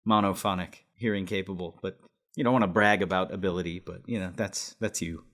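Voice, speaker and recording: A man co-hosting a comedy podcast, riffing in a dry, deadpan way. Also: sits low, brisk. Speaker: co-host. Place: remote, not in the same room as co-host.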